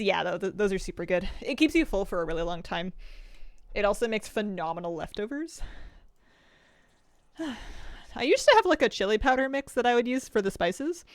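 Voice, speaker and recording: This American woman's voice is on the high side, with no room sound. She streams a game from home, snacking as she goes and casually talking through her thoughts.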